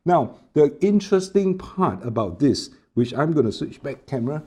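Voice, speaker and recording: A man's voice: on the high side, moderate pace. A man, casually demoing a small wireless mic at home, explaining with lots of fillers. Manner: relaxed explaining with many fillers. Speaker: tech reviewer. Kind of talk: product demo vlog. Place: home room with air conditioner. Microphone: small wireless clip mic.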